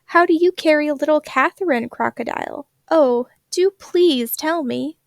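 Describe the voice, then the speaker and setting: Woman reader as a fretful kangaroo mum, high, pleading storybook voice. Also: a little slow, vocal fry, no room sound, studio quality. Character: worried young mother kangaroo, tearful and pleading.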